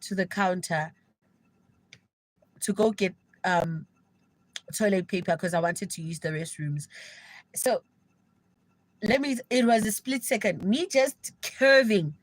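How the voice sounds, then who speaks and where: A young South African woman telling an animated, gossipy story to viewers of her live stream in casual slang. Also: mid-range voice, takes it slowly, long pauses, no echo, low-quality recording. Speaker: livestreamer.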